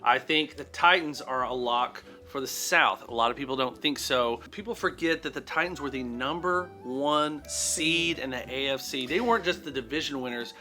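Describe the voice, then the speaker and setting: A man's voice: medium pitch, normal speed, few pauses, pushed and bright, faint music behind. A man co-hosting a comedic sports betting show, making picks in jokey, crude banter.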